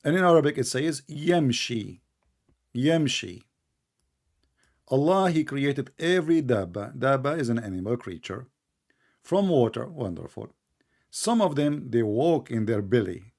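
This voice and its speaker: A man hosting a heated live debate, arguing sarcastically in non-native English and repeating his points slowly. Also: medium pitch, expressive, a little mellow. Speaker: debate show host.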